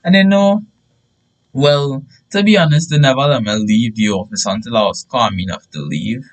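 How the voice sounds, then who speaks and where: A young man telling a story in a casual, animated way with bursts of shouting. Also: mid-range voice, moderate pace, low-quality recording.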